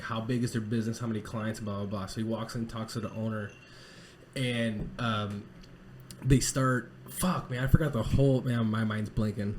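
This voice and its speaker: A man's voice: mid-range voice, a little mellow. A male podcast host chatting casually with friends. He's loose and profane, cracks jokes and wanders off mid-story. There's a light layer of background noise under his voice. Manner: loose and profane, jokey, loses his train of thought.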